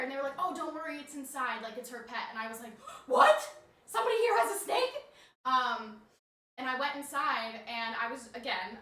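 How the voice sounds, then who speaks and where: A woman's voice: fairly high pitch, sharp tone. A young woman streamer chatting casually, telling a story with lots of fillers while she cleans a snake enclosure. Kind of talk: casual chat. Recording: echoey room.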